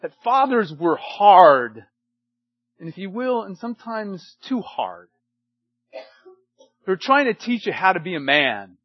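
Husky high-voiced older male preacher. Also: big pitch swings, takes it slowly, pauses often, no room sound, highs cut off. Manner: emphatic preaching, swings from loud to hushed. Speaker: pastor. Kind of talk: sermon to men.

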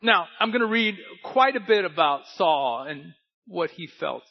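A male pastor delivers a sermon with a folksy, storytelling manner, tossing asides to his congregation. His voice sits a little higher than most men's. The recording sounds dull and lo-fi. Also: expressive, measured pace, vocal fry.

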